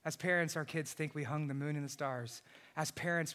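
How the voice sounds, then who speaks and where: A man in his thirties preaching a sermon, swinging from shouted peaks to soft, hushed passages. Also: a little high, steady tone, moderate pace. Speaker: pastor.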